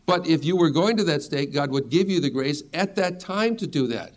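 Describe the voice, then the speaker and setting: A man's voice: a little high, expressive, normal speed. A middle-aged man teaching a sermon as a pastor, earnest and reassuring as he reads scripture aloud.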